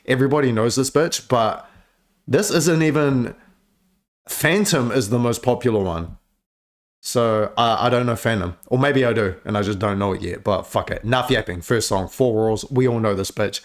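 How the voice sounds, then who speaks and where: A man's voice: medium pitch, moderate pace. Laid-back profane man reacting to music. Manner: laid-back, profane, chatty with filler words. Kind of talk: casual reaction commentary.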